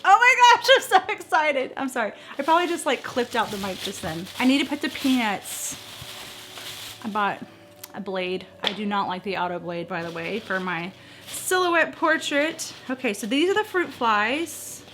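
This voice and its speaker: A middle-aged woman chatting casually at home in a vlog, excitable and gushing, often squealing. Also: mid-range voice, moderate pace, a little hiss or hum. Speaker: vlogger. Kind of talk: casual chat.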